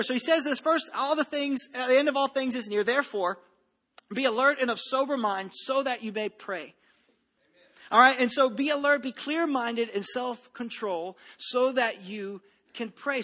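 High, bright-voiced pastor preaching in a hall. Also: male voice. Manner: conversational preaching with frequent asides and repeated phrases. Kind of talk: sermon. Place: church hall.

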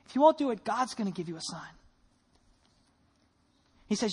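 A pastor preaching a sermon in a church, telling a story with lively rhetorical questions and dropping into soft, low tones for prayer. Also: moderate pace, pauses often, husky.

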